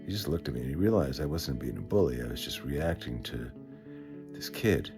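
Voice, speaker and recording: A man in a very deep, low voice. He tells stories from his life unhurriedly, pausing and restarting as he goes. Soft guitar music plays faintly underneath. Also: lively intonation. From the Bronx, New York. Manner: unhurried, conversational, with hesitations and restarts. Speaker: vlogger telling life stories. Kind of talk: reflective personal storytelling.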